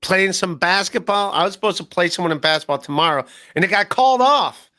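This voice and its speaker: A man hosting a podcast, chatting casually and breaking into quick mimicking voices. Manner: animated, mimics people with sudden jumps in pitch. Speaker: podcast host. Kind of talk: casual livestream chat.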